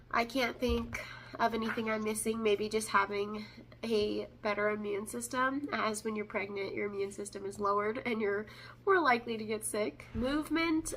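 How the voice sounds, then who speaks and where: Young woman, stuffy from a cold, chatty vlogger, laughs easily, light high voice. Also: steady tone, normal speed, very noisy. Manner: chatty, laughs often between answers. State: congested with a cold. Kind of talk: casual pregnancy update.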